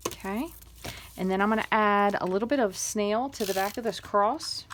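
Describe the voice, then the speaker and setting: Woman craft demonstrator, mid pitch, chatty how-to delivery with little murmured asides. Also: fairly quick, a little hiss or hum. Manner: chatty, step-by-step instructions with fillers; murmurs soft asides while working. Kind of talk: hands-on crafting tutorial.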